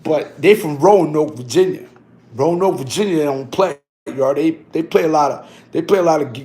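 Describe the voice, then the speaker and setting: A man with a slightly higher voice tells a story from his own life in loose street slang. He keeps tagging his lines with "you heard" and trips over his words when he reads aloud from a book. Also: darkish tone. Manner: halting, self-correcting when reading text aloud.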